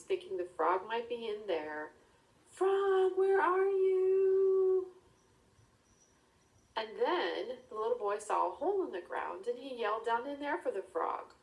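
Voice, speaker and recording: A woman telling a children's story in a chatty way, often dropping into whispered asides. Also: medium pitch. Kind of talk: casual storytelling. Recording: roomy, distant mic.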